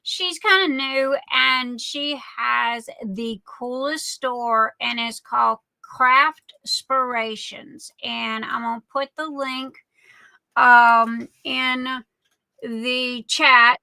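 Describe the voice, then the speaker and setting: Chatty woman, bright and high-pitched. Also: steady tone, extremely slow, vocal fry, clean tone, no echo, low-quality recording. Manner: chatty, affectionate, rambling with many fillers. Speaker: livestream host. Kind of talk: casual chat greeting viewers.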